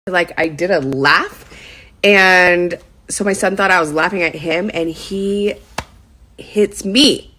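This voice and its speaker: A woman's voice: lowish voice, takes it slowly, pushed and bright. A woman in her thirties telling a personal story in a casual vlog, chatty and full of "like" fillers. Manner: chatty, heavy use of "like" fillers. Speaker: lifestyle vlogger.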